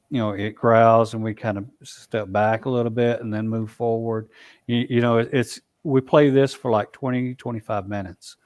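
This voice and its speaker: A man telling a long story as a guest in a casual interview, halting, with frequent restarts and asides. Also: on the low side, no room sound. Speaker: guest, Bigfoot researcher.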